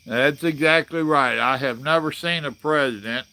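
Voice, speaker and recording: A man's voice: a little high, moderate pace, sharp tone. Blunt folksy man in his sixties. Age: 60s. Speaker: livestream host. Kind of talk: casual live chat reading comments.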